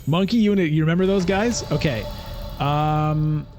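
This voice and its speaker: A man's voice: fairly high pitch, unhurried, a little mellow. A man giving casual, chatty commentary as he plays a digital board game, thinking aloud. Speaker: streamer.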